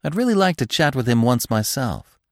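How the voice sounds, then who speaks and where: A man reading an audiobook, voicing a hysterical young female deer with shrill, bleating cries. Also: sing-song, normal speed, no room sound, clean studio sound, natural voice. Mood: bold. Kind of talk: audiobook narration.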